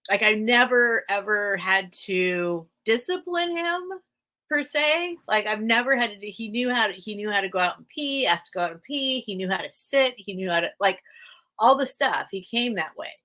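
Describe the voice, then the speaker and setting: A woman's voice: mid-range voice, animated, moderate pace, pushed and bright. An American woman hosting a live sale stream, chatting casually and rambling, with frequent laughs. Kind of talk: casual livestream chat.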